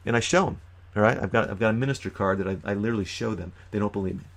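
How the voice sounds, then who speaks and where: A man giving an animated, emphatic youth ministry training talk, with sudden loud bursts. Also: fairly low pitch, racing, gravelly. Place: lives in New York.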